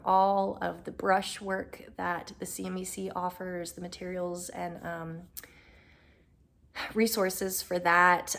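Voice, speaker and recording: Slightly hoarse, gravelly-voiced chatty woman. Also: lowish voice, fairly bright tone. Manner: chatty and upbeat, with frequent ums. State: slightly hoarse, losing her voice. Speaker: homeschooling mother. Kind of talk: casual chat to camera.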